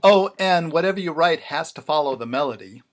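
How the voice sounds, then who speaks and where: A man's voice: on the high side, animated, fairly quick. A man talking casually to the camera about writing lyrics, wry and sarcastic, with mock-dramatic repetitions. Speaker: songwriter vlogger. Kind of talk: casual self-filmed vlog talk.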